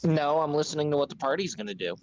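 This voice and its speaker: A man's voice: a little high, animated, quick pace, no echo, dull audio. Casual, rambling man running a game. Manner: casual, rambling, full of fillers. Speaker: game master. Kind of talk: narrating a tabletop game.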